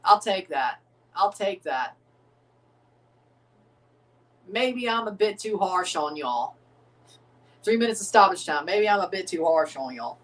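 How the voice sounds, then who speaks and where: A man's voice: high voice, expressive, normal speed, a bit bright, recorded from a distance. An American man, chuckling and rambling through casual live commentary while reacting to a soccer match. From United States.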